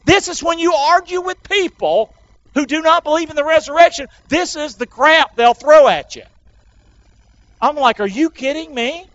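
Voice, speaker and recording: A man's voice: very high-pitched, moderate pace, a bit bright, no room sound, dull audio. A man preaching an Easter sermon, urging the congregation to repeat after him. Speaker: pastor.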